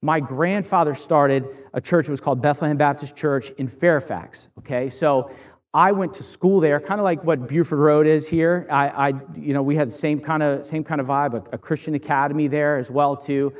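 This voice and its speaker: A man preaching a relaxed, anecdotal sermon. His voice sits a bit higher than most men's, and he talks in a loose, conversational way, full of fillers and restarts as he tells stories from his youth. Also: moderate pace. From Northern Virginia. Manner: casual, storytelling, many fillers and restarts. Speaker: pastor.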